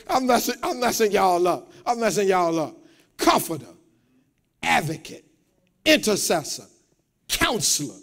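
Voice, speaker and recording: High, lively preaching man. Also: a little slow, long pauses. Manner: call-and-response preaching, rising to shouts; repeats words, talks straight to the congregation. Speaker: pastor. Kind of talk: sermon. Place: church.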